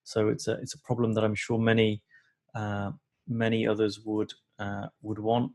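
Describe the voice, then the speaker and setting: A man's voice: lowish voice, completely flat delivery, normal speed, a little mellow. A man hosting a live coaching webinar over a video call, talking casually with many fillers and restarts.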